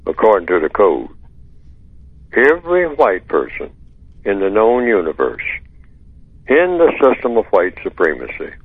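A man on call-in radio explaining his point emphatically and deliberately, asking himself rhetorical questions. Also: on the low side, wildly swooping pitch, slightly rough, no echo. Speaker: radio guest answering a listener question. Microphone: telephone. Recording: dry, tinny phone line.

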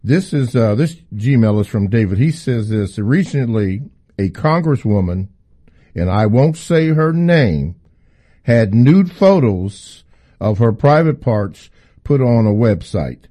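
A male radio host with a warm, mellow voice reads a listener's email aloud. His delivery is measured and even. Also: mid-range voice. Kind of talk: reading a listener email on air.

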